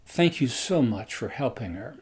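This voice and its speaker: An eager village husband who speaks loudly and emphatically, as a man quotes him in a story. The voice stays close to an ordinary man's everyday speech. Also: medium pitch, expressive, normal speed, slightly rough. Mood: friendly. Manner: loud, emphatic.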